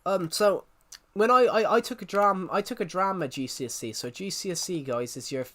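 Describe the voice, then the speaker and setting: A man's voice: high-pitched, normal speed, fairly bright tone. A man who grew up in the United Kingdom chatting casually on a live stream, rambling and laughing with frequent restarts.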